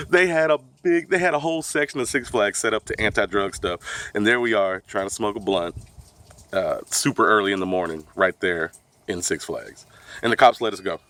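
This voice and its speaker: A man's voice: lowish voice, moderate pace, long pauses, sharp tone. A man telling a story on his vlog, laid-back and profane, often laughing as he talks. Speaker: vlogger. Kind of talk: casual storytime.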